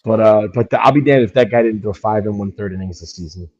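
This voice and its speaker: Blunt, low-voiced podcast guy, muffled. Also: quick pace, darkish tone. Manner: blunt, crude, dry jabs. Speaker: podcast co-host. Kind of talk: casual sports chat.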